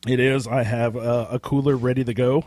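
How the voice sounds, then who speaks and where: A man co-hosting a casual pop-culture podcast. He talks in a rambling, excitable way with casual swearing, and his voice is getting hoarse. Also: mid-range voice, fairly quick, no room sound. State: losing his voice. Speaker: podcast co-host. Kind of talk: casual chat.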